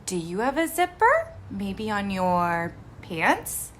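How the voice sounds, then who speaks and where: A woman's voice: medium pitch, huge pitch swings, takes it slowly, fairly bright tone, slight background noise. A woman speech therapist leading a word practice lesson for young children, talking in an exaggerated, encouraging sing-song with frequent gasps and carefully modeled words.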